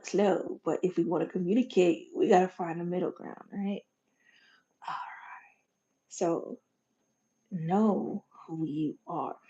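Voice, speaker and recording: A lowish, mellow-voiced woman talks to her listeners in a folksy, animated monologue, dropping to near whispers and then bursting louder. The recording sounds dull and lo-fi. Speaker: podcast host. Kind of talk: motivational monologue.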